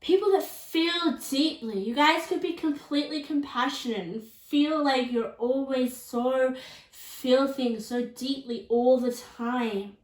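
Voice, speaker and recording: Chatty female tarot reader, high voice, keeps asking "okay?", recorded off mic with roomy echo. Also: slow, recorded from a distance. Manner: chatty, often checks in with "okay?" and "all right?". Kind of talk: casual pick-a-card tarot reading. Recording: echoey room, voice off mic.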